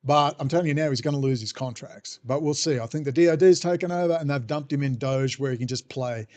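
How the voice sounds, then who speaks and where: A man's voice: mid-range voice, fast talker, darkish tone. A man ranting sarcastically in a monologue as podcast host. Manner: irreverent, sarcastic, mocking voices.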